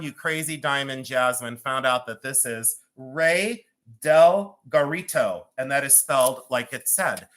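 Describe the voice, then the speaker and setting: A man in his fifties with a Cleveland accent sells jewelry on a live stream, chatting, joking, rambling, and laughing often. His voice is on the high side, pushed and bright.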